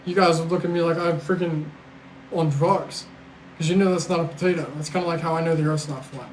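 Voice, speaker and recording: A man's voice: fairly high pitch, fairly even intonation, a little fast, reverberant, slight background noise, rough recording. A man hosting a casual livestream, answering chat questions in a rambling, blunt, profane way with sarcastic asides and a weary edge. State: tired. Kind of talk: casual live-stream chat.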